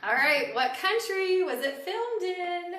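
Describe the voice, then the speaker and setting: A bright, bubbly woman in her forties hosts a live product party from home, giggling as she chats. Her voice sits high and swoops about, and the room gives it a clear echo with faint noise behind. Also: animated, takes it slowly, recorded from a distance. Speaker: beauty product seller hosting a live party. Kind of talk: casual live demo chat.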